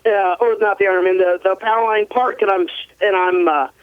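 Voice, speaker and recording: High-voiced man telling stories over a phone line. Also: brisk, smooth, no echo. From US West Coast. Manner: laughs often, rambling, animated. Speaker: guest, ATV racer. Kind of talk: casual storytelling interview.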